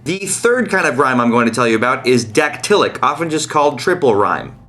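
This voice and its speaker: A man's voice: medium pitch, fairly quick, pushed and bright, soft background music. A man giving a comedic video lesson on lyric writing, explaining rules with wry jokes in between. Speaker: online lyric-writing teacher.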